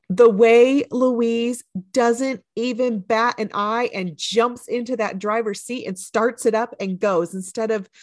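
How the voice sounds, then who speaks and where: A woman co-hosting a podcast in casual chat, animated and acting out lines from a film. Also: a little high, no echo, studio quality. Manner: animated, acts out quotes from the film. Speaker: podcast co-host.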